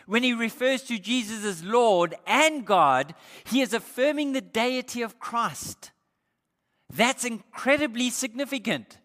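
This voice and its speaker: Preacher man in a reverberant hall. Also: very high-pitched. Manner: emphatic, swells louder on quoted words. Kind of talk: sermon.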